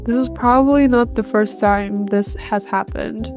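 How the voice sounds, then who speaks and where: A woman's voice: a little high, fairly even intonation, measured pace, over music. Woman host giving blunt reactions. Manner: blunt, disapproving remarks. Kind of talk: casual reaction commentary.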